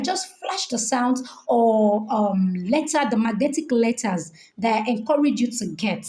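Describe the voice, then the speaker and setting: A woman's voice: high-pitched, darkish tone. A middle-aged woman with a Nigerian accent, coaching parents on teaching reading, repeating key points and checking in with "okay?". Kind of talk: online training session. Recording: echoey room.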